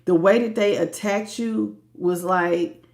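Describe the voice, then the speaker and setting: A woman giving a live tarot reading, animated and preachy, often repeating herself and laughing between greetings. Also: mid-range voice, slow, gravelly. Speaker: tarot reader.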